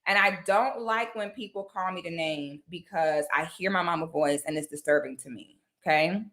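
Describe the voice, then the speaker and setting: A woman's voice: mid-range voice, pushed and bright. A woman from Florida, talking bluntly and emphatically to her viewers in a casual vlog, often checking in with "okay?". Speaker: commentary vlogger. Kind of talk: casual direct-to-camera talk.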